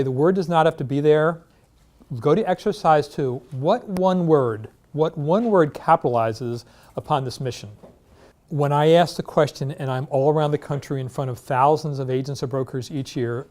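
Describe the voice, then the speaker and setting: A man leading a workshop presentation in a meeting room, energetic, asking rhetorical questions and telling stories. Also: mid-range voice. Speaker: insurance industry trainer.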